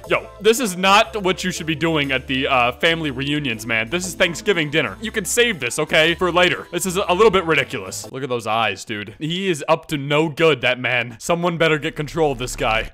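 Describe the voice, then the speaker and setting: A man giving joking, animated commentary on online posts, his voice sitting a touch higher than most men's. He jumps between playful asides and mock-serious remarks, and soft music plays faintly underneath. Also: brisk, few pauses. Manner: joking, animated, frequent laughter. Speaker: YouTube commentator. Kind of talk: comedic reading commentary.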